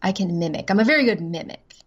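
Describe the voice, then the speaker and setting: A woman voice actress from the American South, chatting as a guest in a casual interview, self-deprecating and quick to laugh. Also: lowish voice, lively intonation, breathy edge. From Southern United States.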